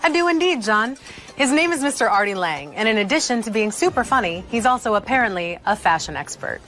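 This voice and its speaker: A woman's voice: on the high side, expressive, brisk, a bit bright, soft background music. A woman co-hosting an entertainment segment in an upbeat, scripted delivery. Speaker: co-host.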